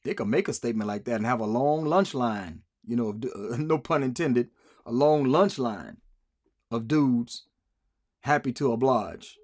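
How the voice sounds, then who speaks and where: A man's voice: medium pitch, expressive, a little slow, a little mellow. A man hosting a live stream, rambling through sarcastic commentary and answering comments from the chat. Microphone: streaming mic.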